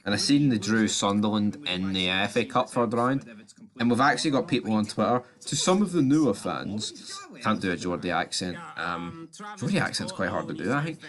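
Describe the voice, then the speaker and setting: A Scottish man with a fairly low voice rants about football in a casual, heated way. He swears freely and peppers his talk with "like" and "I mean". His delivery is blunt and unpolished, with the tone of a fan sounding off to his channel. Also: lively intonation, normal speed, a bit bright. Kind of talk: casual opinion rant.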